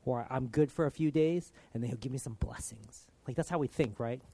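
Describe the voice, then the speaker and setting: A man giving an informal, conversational sermon, earnest and full of casual filler, swinging from loud emphasis down to soft, hushed lines. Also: medium pitch, brisk, husky. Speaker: preacher.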